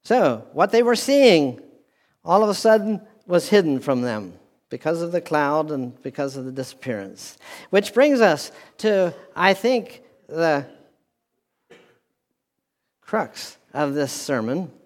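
Male pastor, sermon, slow deliberate delivery, slightly high voice, long hall reverb. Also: lively intonation. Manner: deliberate preaching with repeated phrases and restarts. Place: church hall with a speaker system.

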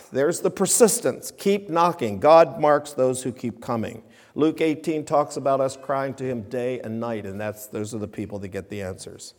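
A man preaching a sermon with emphatic, rising and falling delivery. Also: on the high side. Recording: long reverb of a hall.

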